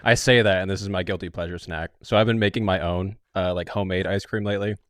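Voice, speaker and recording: A man's voice: deep voice, steady tone, fast talker, no room sound, clean studio sound. A young man co-hosting a casual podcast, laid-back and hesitant, full of "like"s. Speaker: podcast co-host. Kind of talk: casual chat.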